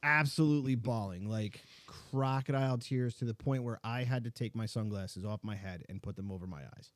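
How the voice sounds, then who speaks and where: A middle-aged man hosts a podcast, chatting casually in a mid-range voice at a fairly quick pace with no room sound. He tells stories loosely and chattily, packing them with fillers and plenty of "like"s.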